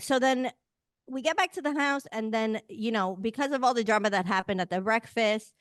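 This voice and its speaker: A woman co-hosting a casual podcast, recapping a reality show in lively, profane chat and acting out the cast's lines. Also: mid-range voice, smooth, no room sound, clean studio sound. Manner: animated, profane, acts out cast members' lines. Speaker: podcast co-host.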